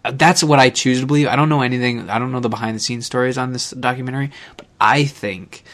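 A man's voice: mid-range voice, fairly even intonation, quick pace, fairly bright tone. A man co-hosting a casual podcast, rambling and self-deprecating, restarting his sentences. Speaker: podcast co-host.

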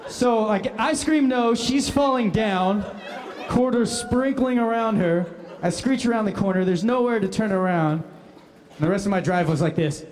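A man telling a funny personal anecdote, animated and often laughing as he speaks. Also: high-pitched, normal speed, some chatter behind. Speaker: guest storyteller. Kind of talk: comic anecdote.

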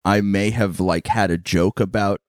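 A man's voice: lowish voice, fairly even intonation, moderate pace, dry recording, studio quality. A man in his thirties, a comedian co-hosting a casual podcast chat, telling profane stories with frequent laughter. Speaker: podcast co-host and stand-up comedian.

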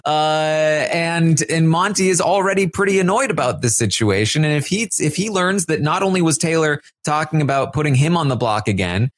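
A man's voice: on the high side, normal speed, few pauses, no echo. Brief: male podcast co-host, chatty and rambling, dry close sound. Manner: rambling, lots of fillers, quotes houseguests in a lively voice. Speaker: podcast co-host recapping a reality show. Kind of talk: casual chat.

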